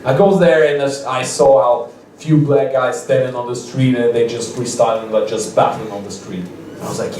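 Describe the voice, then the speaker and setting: A man's voice: medium pitch, steady tone, moderate pace, darkish tone, slight background noise. A young man doing rambling stand-up storytelling at an open mic, restarting sentences and laughing often. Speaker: stand-up comedian. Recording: echoey room, mic far off.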